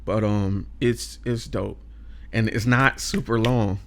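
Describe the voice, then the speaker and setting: A man's voice: on the low side, steady tone, slow pace, fairly bright tone. A young man hosting a casual chat, talking in laid-back slang, laughing often and reciting lines of poetry. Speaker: podcast host.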